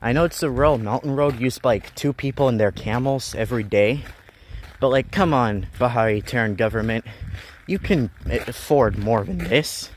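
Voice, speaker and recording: A man's voice: mid-range voice, normal speed, slight background noise. Rambling young man vlogging outdoors. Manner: rambling, joking and griping. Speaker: live-streaming explorer. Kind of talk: casual live-stream vlog. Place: outdoors on a rural mountain road, walking.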